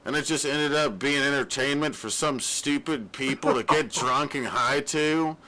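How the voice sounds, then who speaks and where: A man's voice: medium pitch, normal speed, bright, forceful tone, slight background noise, poor audio. A young man hosting a casual livestream podcast, joking, rowdy and laughing often. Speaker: podcast host.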